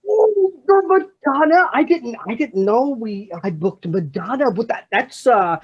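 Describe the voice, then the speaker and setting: A jittery nightclub owner, played by a woman who rambles and trips over her words, dodging questions. Her voice sits at a middle pitch. The recording sounds dull and a little muffled. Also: animated, unhurried, breathy edge. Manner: rambling, stammering, evasive. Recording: dull lo-fi mic.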